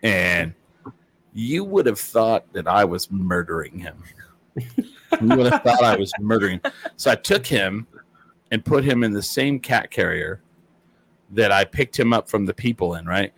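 A man's voice: fairly low pitch, big pitch swings, a little slow, long pauses, a bit bright, husky. A man telling a rambling, laughing story in casual chat, swearing freely.

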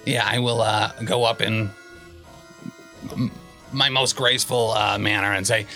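A man playing a tabletop role-playing game with friends, excitable and often laughing. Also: fairly low pitch, a little slow, gravelly, pauses often, faint music behind. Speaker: player. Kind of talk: tabletop role-play chat.

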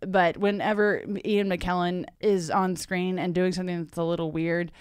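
A woman's voice: on the low side, fairly even intonation, clear, resonant tone, no room sound. Giggly woman joking on a podcast. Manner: giggly, jokey, quick bursts of loud mock yelling. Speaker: podcast co-host. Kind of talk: casual podcast chat.

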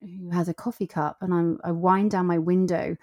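Guest, female, lowish pitch, animated anecdotes acted out with voices. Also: normal speed. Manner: animated storyteller, acts out quotes. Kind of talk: casual conversation.

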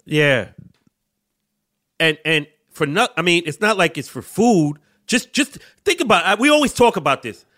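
Dude with a fairly high bright voice, swings up and down a lot, cussing, chatty podcast vibe. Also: male voice, moderate pace. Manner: profane, laughing, animated storytelling. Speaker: podcast co-host. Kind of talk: casual comedic banter.

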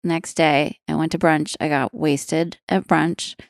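A woman with a slightly low voice tells a story in a casual interview. She laughs often and acts out little bits of dialogue. The sound is dry and close. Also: fairly even intonation, takes it slowly, no room sound. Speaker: guest musician.

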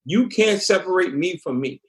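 A man speaking in a slightly high voice tells a story in an interview. His delivery is blunt and measured, with slow and deliberate phrasing. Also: lively intonation. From Massachusetts. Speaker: guest, former prisoner.

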